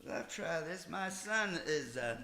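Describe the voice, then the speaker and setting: An older man, a folk musician, talking casually and haltingly at a music gathering, with many fillers and restarts. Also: fairly high pitch, expressive, sharp tone, slight background noise. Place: music festival stage, roomy hall. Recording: roomy hall with instrument playing.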